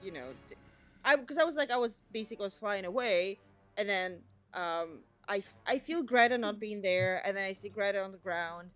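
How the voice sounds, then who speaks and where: A woman with a mid-pitched voice plays in a tabletop game. She describes her moves with lively excitement. Faint music sits in the background. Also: a little fast. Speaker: player. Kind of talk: tabletop role-play chat.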